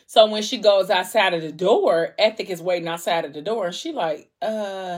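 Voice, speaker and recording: Husky-voiced woman recapping a story. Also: mid-range voice, normal speed, few pauses. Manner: chatty, acts out quoted lines with shifting tone.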